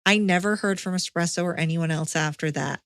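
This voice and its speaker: A woman's voice: fairly low pitch, fairly quick, no room sound, clean studio sound. A woman hosting a podcast, reading a listener's letter aloud and breaking in with blunt, swearing reactions. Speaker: podcast host.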